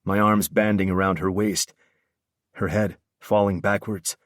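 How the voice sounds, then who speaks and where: A man with a very deep, low voice reads a first-person audiobook in an intense, brooding way. He is close to the mic, and the sound is dry with no room echo. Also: flat delivery, measured pace. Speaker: audiobook narrator.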